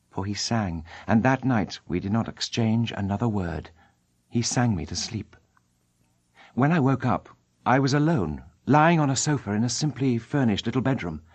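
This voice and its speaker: A man narrating an audiobook in a measured, dramatic reading style. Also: medium pitch, a little mellow, slightly rough, no echo. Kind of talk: scripted narration.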